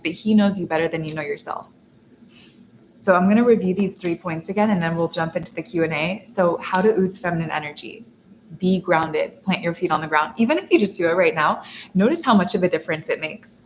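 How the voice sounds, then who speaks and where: A young woman coach teaching a masterclass, talking earnestly and telling animated stories with a laugh now and then. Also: fairly low pitch, fairly quick, slight background noise. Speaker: feminine energy coach. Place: in Dubai. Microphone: seated while teaching.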